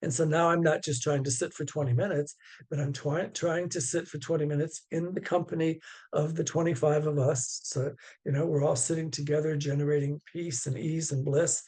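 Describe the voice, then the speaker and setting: A man, a Zen teacher, giving a dharma talk over a video call in a gentle, unhurried way, halting often with fillers. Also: a little high, level tone.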